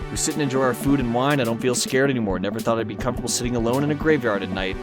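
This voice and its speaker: A man's voice: medium pitch, rapid-fire, hardly any pauses. A man reading a dating game aloud on a live stream, playful and chatty, sometimes talking fondly to his dog. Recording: game music playing behind.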